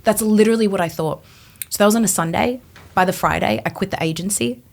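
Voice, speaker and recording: A woman in her 20s appears as a podcast guest, sharing her personal testimony with animation and acting out what she used to think. Her voice is mid-range and gravelly, and she speaks fast.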